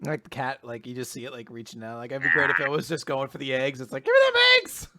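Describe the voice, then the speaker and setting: A man co-hosting a casual talk show, excitable, laughing a lot and filling his speech with "like". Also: medium pitch, fast talker, very noisy. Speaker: podcast co-host. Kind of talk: casual chat.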